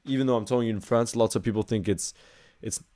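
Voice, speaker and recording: A man's voice: mid-range voice, steady tone, fast talker, warm tone. A man with a Northern Irish accent chatting casually through a live match watchalong, greeting viewers and answering their questions.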